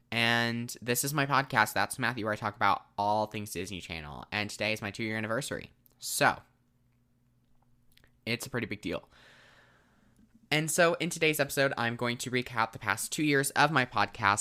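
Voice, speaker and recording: Bright-voiced emotional teenage podcast host. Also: male voice, fairly low pitch, smooth. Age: teens. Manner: emotional, effusive and chatty. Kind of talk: casual solo podcast monologue.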